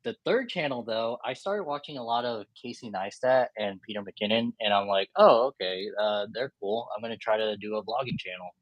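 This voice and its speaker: A laid-back credit card YouTuber in his twenties appears as an interview guest over a video call, speaking briskly with few pauses in a low-leaning voice. He tells stories casually, often quotes himself, and uses frequent "uh" fillers. The video call audio is dry, dull and lo-fi.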